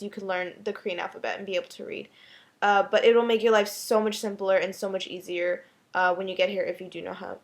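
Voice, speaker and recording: A young American woman from Texas answering viewer questions in a casual, chatty vlog, with frequent ums and little laughs. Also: mid-range voice. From Texas, USA.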